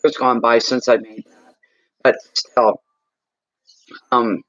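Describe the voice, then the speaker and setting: A man's voice: medium pitch, level tone, slow pace, a bit bright, dry recording. Man in his sixties, psychic reader, rambling casual chat, dry close sound, muffled lo-fi audio. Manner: rambling, chatty, talks while eating.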